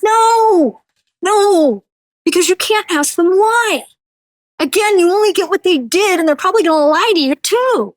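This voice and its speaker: A woman with a high, bright-pitched voice talks bluntly as a guest on a business interview. She is animated and jokey, slipping into the voices of the people she quotes. Her voice is recorded close and dry, with no room sound. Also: normal speed, no room sound. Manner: blunt, joking. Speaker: guest brand consultant. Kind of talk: casual interview talk.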